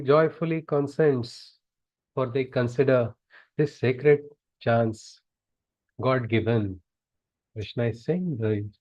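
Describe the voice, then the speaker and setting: A man's voice: mid-range voice, muffled recording. A man chanting scripture verses and explaining them in an earnest teaching discourse over a video call. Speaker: spiritual teacher.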